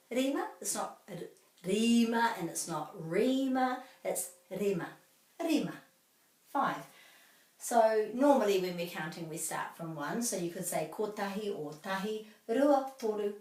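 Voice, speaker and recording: New woman teaching pronunciation. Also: medium pitch. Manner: slow, careful drilling of words with repetition. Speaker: language teacher. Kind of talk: pronunciation lesson. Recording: echoey room, mic at a distance.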